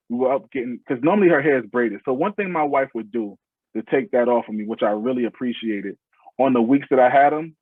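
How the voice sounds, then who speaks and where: Husky man on a thin, phone-like line. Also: medium pitch, no echo. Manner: earnest, heartfelt, speaks in loose restarting phrases. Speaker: podcast guest. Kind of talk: casual interview storytelling.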